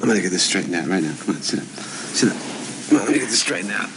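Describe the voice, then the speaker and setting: A man's voice: low-pitched, expressive, very fast. An actor playing an anxious young husband earnestly pleading with his wife in a 1970s TV soap. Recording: noisy old TV audio.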